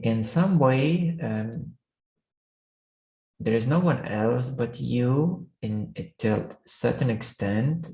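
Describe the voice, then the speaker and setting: Slow, gravelly man teaching meditation. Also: medium pitch, dark tone, roomy sound, rough recording. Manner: slow, halting, many restarts and fillers. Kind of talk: spiritual teaching talk. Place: room.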